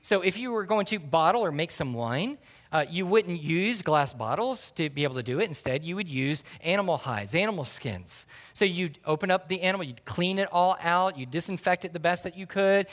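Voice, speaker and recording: A man's voice: sits high, animated, a little fast, a bit bright, in a large hall. A man preaching a sermon as pastor, telling folksy stories and calling out to the congregation. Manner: folksy storytelling, calls to the congregation.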